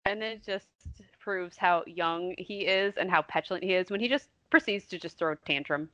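A woman's voice: lowish voice, normal speed, a bit bright, dry recording, dull audio. A woman co-hosting a book podcast in casual chat, critical of the writing and laughing often. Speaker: podcast co-host.

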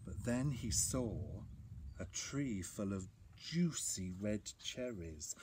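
Slow, lively man reading a picture book. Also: fairly low pitch, breathy edge. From England. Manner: animated, slow, expressive reading for children. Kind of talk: storybook reading.

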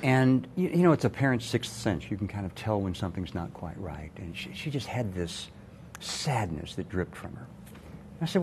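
An older man with a very deep, low voice shares a painful family story on a TV interview. He speaks earnestly and measures his words. A faint noise sits under the recording. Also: expressive, moderate pace, darkish tone. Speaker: retired cardiologist, guest.

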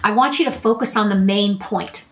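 A woman's voice: mid-range voice, moderate pace, recorded from a distance. A middle-aged woman therapist explaining a listening skill in a friendly, conversational way, with examples. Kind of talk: talking-head advice lesson.

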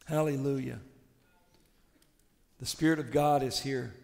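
A male pastor preaching a sermon with passion, swinging between shouted declarations and hushed, intimate tones. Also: medium pitch, steady tone, a little slow, vocal fry, long reverb tail.

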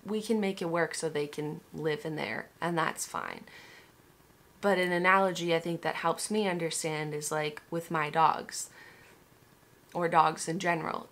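A woman's voice: lowish voice, a bit bright. A young woman vlogger telling a personal story candidly, swearing and restarting often. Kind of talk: emotional personal story vlog.

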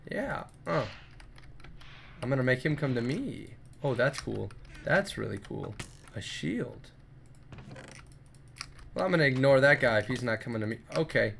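A man commenting on his gameplay, jumpy and excitable, yelping and making sound effects in fights. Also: medium pitch, measured pace, vocal fry, long pauses, a little hiss or hum. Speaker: let's play gamer.

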